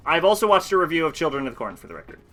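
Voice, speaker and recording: Bright-voiced, profane game streamer. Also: male voice, fairly high pitch, sing-song, rapid-fire. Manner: rambling, profane storytelling. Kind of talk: casual chat while playing.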